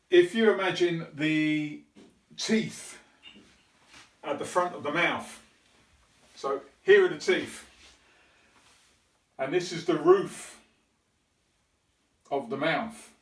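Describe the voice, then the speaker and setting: Slow, careful English teacher, a man. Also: fairly high pitch. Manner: slow, careful demonstrating of sounds. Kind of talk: pronunciation lesson. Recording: echoey room, mic at a distance.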